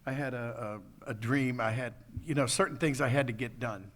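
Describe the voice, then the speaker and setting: A man's voice: mid-range voice, moderate pace, fairly bright tone. An older man, a voice actor guest at a convention panel, telling rambling stories and chuckling often.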